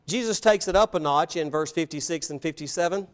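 A man preaching a sermon from the pulpit, emphatic, asking rhetorical questions and swinging between loud and soft. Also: on the high side, fairly quick. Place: church, evening service.

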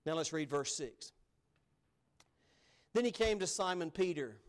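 A male pastor preaching with animated emphasis, his voice sitting on the higher side for a man. He brings real energy to the telling. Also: unhurried. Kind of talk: sermon.

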